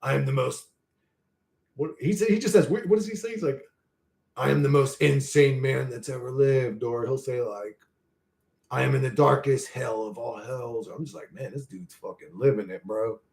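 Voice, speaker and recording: A young man ranting profanely on a live stream, reading chat aloud and swinging between loud outbursts and low mutters. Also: moderate pace, gravelly. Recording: echoey room.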